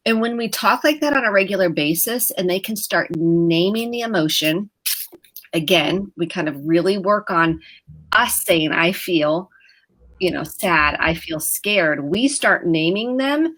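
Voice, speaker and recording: A woman therapist giving gentle, explanatory parenting advice on a live talk show, sometimes acting out quoted dialogue. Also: on the low side, animated, measured pace. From United States.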